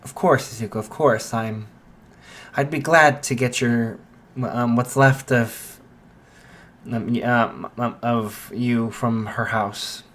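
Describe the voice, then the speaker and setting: A warm mother figure who fusses and apologizes, voiced by a man in a read-aloud fan story. She stumbles over her words and trails into fillers. The delivery is slow and unhurried. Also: medium pitch, steady tone. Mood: apologetic. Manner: apologetic, fussing, halting. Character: warm motherly woman, friend's mom.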